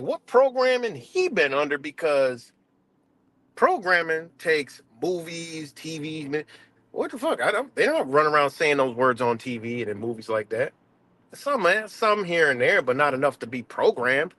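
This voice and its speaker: A man's voice: on the high side, bright, forceful tone, dry recording. Heated, swearing man ranting live. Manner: profane, confrontational, repetitive. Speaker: streamer. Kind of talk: heated live-stream rant.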